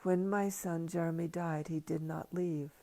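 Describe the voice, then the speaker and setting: An older woman giving a slow, reflective livestream talk as a spiritual teacher, speaking softly and slipping into whispers. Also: lowish voice, fairly even intonation. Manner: soft and hushed, slipping into whispers. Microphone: livestream computer mic.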